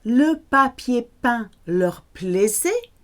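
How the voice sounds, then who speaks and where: A woman teaching a French lesson, drilling verb forms slowly and checking in with the learner. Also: on the high side. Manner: slow, deliberate drilling of verb forms with lively questions to the learner. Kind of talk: language lesson.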